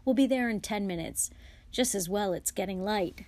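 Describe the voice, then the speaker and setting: Woman voicing an eager teenage wizard boy in an audiobook, middling pitch, dry. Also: moderate pace, darkish tone, no room sound, lightly acted.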